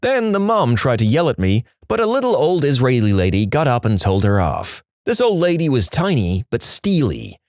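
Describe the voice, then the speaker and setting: Lively man reading reddit stories. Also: mid-range voice, normal speed, hardly any pauses, no room sound. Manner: lively storytelling, mocking quoted voices. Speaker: narrator.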